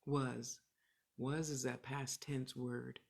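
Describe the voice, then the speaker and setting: Speaking slowly in a very deep voice with little pitch movement and vocal fry, a middle-aged Californian clairvoyant gives readings and motivational talk on a live stream. She answers viewers candidly in short, reflective bursts, swearing freely.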